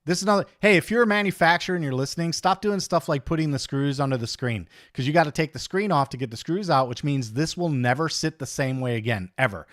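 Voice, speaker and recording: A man's voice: fairly high pitch, fast, few pauses, a bit bright, dry recording, studio quality. Chatty, blunt man hosting a livestream. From United States. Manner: chatty, blunt, joking, ranting. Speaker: livestream host. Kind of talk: casual livestream chat reading comments.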